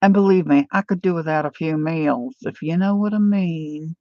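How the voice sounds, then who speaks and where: A woman's voice: low voice, moderate pace, warm tone, dry recording, lo-fi sound. A woman chatting casually to viewers while she works on a paper craft journal, talking things over with herself as she goes. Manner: chatty, reads viewer comments aloud. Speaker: craft vlogger.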